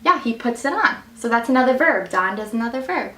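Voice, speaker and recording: Woman teacher, high encouraging voice, quizzing kids, recorded from afar in an echoey room. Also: expressive, brisk, distant mic. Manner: bright, encouraging teacher voice with a singsong lilt. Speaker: student teacher reading a picture book. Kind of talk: reading aloud and quizzing children on grammar.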